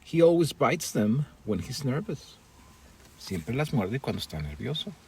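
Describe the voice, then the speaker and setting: A man's voice: medium pitch, sing-song, normal speed, a little mellow, a little hiss or hum. A man teaching English in a bilingual lesson, reading example dialogues and translating them into Spanish.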